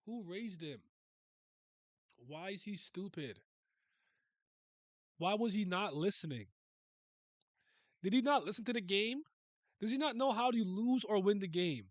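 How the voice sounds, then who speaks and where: A man's voice: high-pitched, expressive, unhurried, pauses often, no echo. A man giving casual reaction commentary, ranting in exasperation with frequent exclamations and stammered restarts. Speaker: webcomic reaction host.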